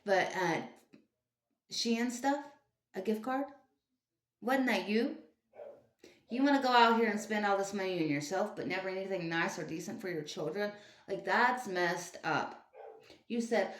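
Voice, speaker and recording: A woman in a ranting commentary video, scolding and indignant as she fires off rhetorical questions. Her pitch sits in an ordinary middle range, and the room around her leaves a noticeable echo. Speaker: online commentator. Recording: roomy echo.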